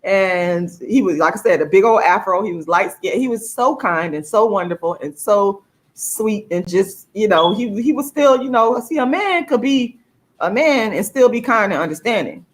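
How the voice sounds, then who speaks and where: A woman vlogger in a casual to-camera monologue, talking emphatically with plenty of swearing and her pitch jumping high for emphasis. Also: expressive, moderate pace. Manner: emphatic and profane, with laughs between points.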